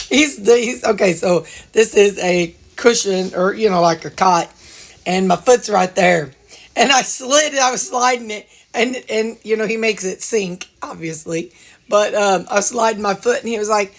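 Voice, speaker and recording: A woman talks casually at home for her vlog. She rambles from one thought to the next and trails off with ums. Her voice sits at an ordinary middle pitch. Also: moderate pace. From Missouri, US. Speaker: weight-loss vlogger.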